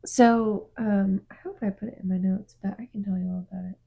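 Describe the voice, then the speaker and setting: A woman's voice: mid-range voice, brisk, vocal fry, husky, phone-quality sound. A woman co-hosting a casual chat podcast, telling stories animatedly with lots of fillers. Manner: chatty, animated storytelling with fillers. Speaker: podcast co-host.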